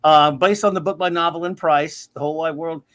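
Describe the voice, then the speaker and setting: A man's voice: a little high, steady tone, a little fast, a bit bright. Enthusiastic man recommending comics. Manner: enthusiastic, recommends things emphatically. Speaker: guest, comic shop worker. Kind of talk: casual podcast chat.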